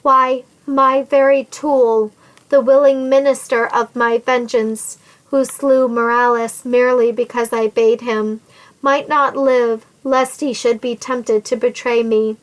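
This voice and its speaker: A woman's voice: on the high side, level tone, slow, poor audio. A woman reading the part of a scheming, vengeful nobleman who threatens a captive woman in sneering, old-fashioned formal speech.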